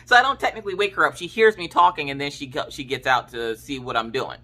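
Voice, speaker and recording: A woman's voice: sits low, fast. A woman in her thirties hosting a craft channel, chatting casually and telling family stories in slangy speech, acting out her relatives' lines. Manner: animated, slangy, acts out family members' lines. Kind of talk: casual storytelling chat.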